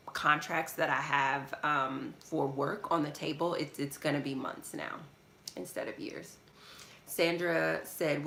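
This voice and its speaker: Low, gravelly woman answering viewer questions. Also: sharp tone, roomy sound. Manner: candid, reads out viewer questions and answers them at length. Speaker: budgeting channel host. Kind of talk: live viewer Q&A chat. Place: studio apartment.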